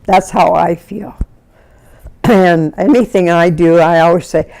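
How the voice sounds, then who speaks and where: A Canadian woman in her nineties recalls her life in an oral history interview, her voice fairly low and a little slow. She's a lively storyteller who acts out the people in her stories.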